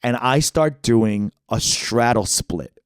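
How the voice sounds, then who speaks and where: A man and podcast co-host telling a comedic story, animated, jumping into high-pitched quoted voices. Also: slow, dry recording, studio quality.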